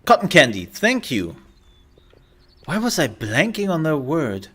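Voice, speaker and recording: A man's voice: on the high side, very animated, a little slow, sharp tone, slightly rough. A man casually commenting while streaming a video game, playful and rambling, joking to himself.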